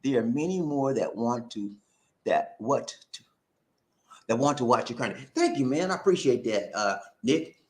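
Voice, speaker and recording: A man hosting a casual livestream, animated and breaking into sung catchphrases. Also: medium pitch, moderate pace, reverberant. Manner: animated, sings and shouts catchphrases. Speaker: livestream host. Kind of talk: casual live chat. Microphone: new noise-reducing mic.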